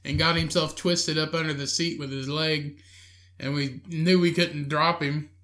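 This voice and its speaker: Podcast co-host, male, crude laughing storyteller with a bright, slightly high voice. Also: little pitch movement, unhurried. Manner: crude, laughing storyteller, acts out drunk friend and angry lady. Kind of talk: casual storytelling chat.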